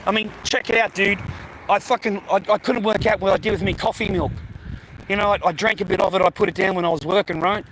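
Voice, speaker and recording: A man's voice: high-pitched, steady tone, fast, fairly bright tone, a little hiss or hum, poor audio. A middle-aged Australian man vlogging in a profane, rambling, blokey way and laughing often. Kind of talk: casual rambling monologue.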